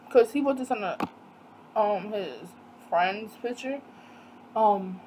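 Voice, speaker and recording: A young woman telling a storytime vlog in a casual, animated way, acting out quoted dialogue with disbelief. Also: medium pitch, slow pace, pauses often, low-quality recording. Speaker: vlogger.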